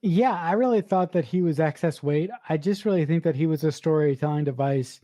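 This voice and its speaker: A woman's voice: low-pitched, a little fast, mellow, no echo. A woman co-hosting a podcast, giving firm opinions about a film in casual chat. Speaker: podcast co-host.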